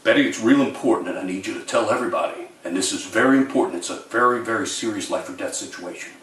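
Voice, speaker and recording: A stern, deep-voiced state trooper, as a man puts him on in a low voice, grave and urgent, leaving long dramatic pauses. It sounds roomy, with the speaker some way from the mic. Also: fairly bright tone, recorded from a distance, close to an everyday voice.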